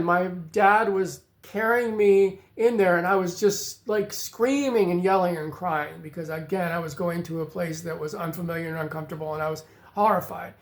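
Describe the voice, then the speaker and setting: An adult man vlogging, telling a personal story in a reflective, halting way, often pausing on "you know". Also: high-pitched.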